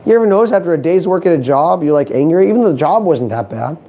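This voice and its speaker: This motivational speaker, a man with a slightly high voice, talks fast on a conference stage, and the sound is lo-fi. He jokes around animatedly and keeps asking the crowd questions.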